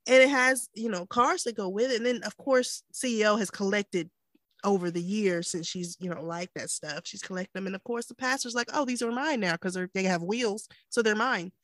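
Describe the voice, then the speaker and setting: In a casual podcast chat, the co-host, a woman in her 30s, laughs frequently and acts out quotes. She speaks at a moderate pace in a medium-pitched, slightly bright voice, with no room sound.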